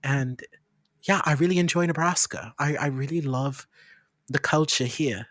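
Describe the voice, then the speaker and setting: A woman's voice: sits low, moderate pace, no room sound, clean studio sound. A woman putting on a posh British accent, playing a polite young British woman ordering food. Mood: mock-polite. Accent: put-on posh British.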